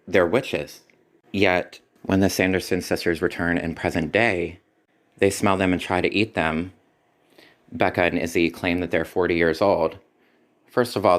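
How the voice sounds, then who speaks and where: A man giving a spoken movie review in a critical, sarcastic way. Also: deep voice. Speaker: film reviewer.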